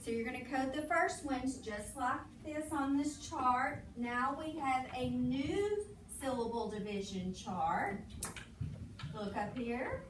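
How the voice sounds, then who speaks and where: High-voiced woman teacher in noisy classroom. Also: slow. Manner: patient, prompting, drills pupils with questions. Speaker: reading teacher. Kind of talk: classroom reading lesson. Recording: roomy, distant, noisy classroom recording.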